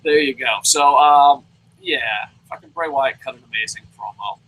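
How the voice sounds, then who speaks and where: Over a low-quality recording, a man with a medium-pitched, fairly bright voice at normal speed reviews a wrestling show. He rants heatedly, swears constantly, mocks as he comments, and acts out impressions.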